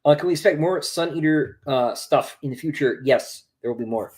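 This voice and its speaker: Fairly high-pitched and a little mellow, a young man who is an author speaks at normal speed during a relaxed livestream. He reads the audience's questions aloud and rambles in response, with frequent ums and false starts.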